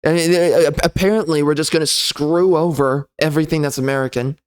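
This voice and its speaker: Sneering, ranting man, high-pitched. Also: steady tone, a little fast, clear, resonant tone. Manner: loud, sneering, profane. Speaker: game reviewer. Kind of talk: ranting comedy commentary.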